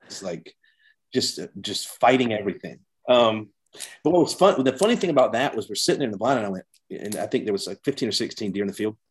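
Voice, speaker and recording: A man's voice: fairly low pitch, lively intonation, fast. A man chatting as a podcast guest, a rambling storyteller who restarts his sentences often. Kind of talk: casual chat.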